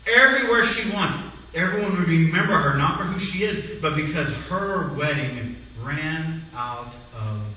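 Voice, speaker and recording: A male pastor preaching a sermon, swinging between loud exclamations and hushed low phrases. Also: animated, a little slow. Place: church sanctuary. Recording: echoey church hall, mic at a distance.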